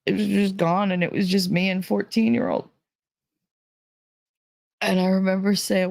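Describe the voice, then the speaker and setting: A woman's voice: medium pitch, steady tone, moderate pace, gravelly, pauses often, no room sound, clean studio sound. A woman hosting her own channel, retelling a dream in a rambling, candid way with lots of filler words and the odd swear. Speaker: channel host. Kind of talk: casual monologue retelling a dream.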